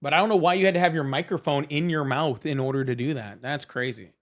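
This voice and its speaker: A man's voice: a little high, fast. A man hosting a live political chat stream, talking in a sarcastic, mocking, rambling way. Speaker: livestream host.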